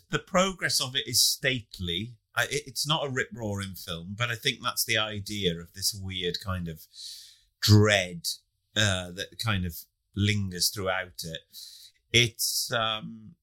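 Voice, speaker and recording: A man's voice: on the low side, measured pace, pushed and bright. A man co-hosting a casual podcast, speaking thoughtfully with some hesitation and frequent laughs. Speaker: podcast co-host. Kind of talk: casual chat.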